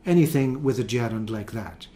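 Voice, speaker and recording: A man teaching an online English lesson, reading out numbered example sentences slowly and deliberately. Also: mid-range voice, dark tone.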